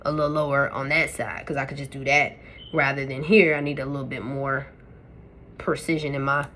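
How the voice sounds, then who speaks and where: A woman's voice: very deep voice, fairly even intonation, a little fast, fairly bright tone, slight background noise. A woman hosting a makeup tutorial, talking to her viewers in a chatty, playful way. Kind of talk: casual step-by-step tutorial talk.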